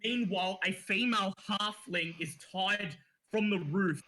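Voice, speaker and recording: A man narrating a tabletop game as dungeon master, halting with frequent fillers. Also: sits high, bright, forceful tone, poor audio.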